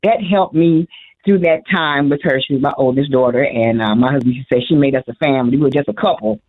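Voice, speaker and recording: A woman's voice: a bass voice, fast. An older woman from Illinois calling into a radio show, talking in an emotional, rambling way with many restarts. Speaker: caller. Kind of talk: call-in radio conversation. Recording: phone line.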